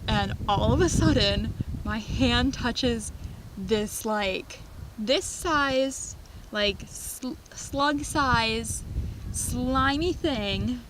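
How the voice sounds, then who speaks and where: A young woman vlogging outdoors on a farm, casually telling funny stories with lots of laughs and excited squeals. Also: a little high, very slow, background noise. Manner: animated, laughing, squealing when retelling scares. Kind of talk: casual storytelling vlog.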